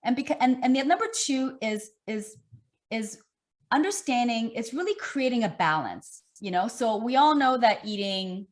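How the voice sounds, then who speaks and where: A middle-aged woman fitness coach, talking in an animated, emphatic way with lots of repetition during an online interview. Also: fairly high pitch, moderate pace.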